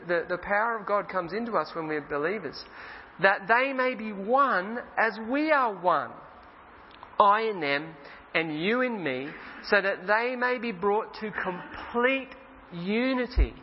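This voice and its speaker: A male pastor preaching casually, reading scripture slowly and with emphasis. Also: high-pitched, slight background noise. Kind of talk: sermon. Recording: dull roomy hall sound.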